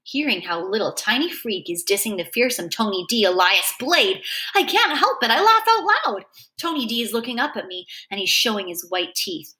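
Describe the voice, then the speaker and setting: Bright lively woman reading a novel. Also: medium pitch, moderate pace. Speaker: reader.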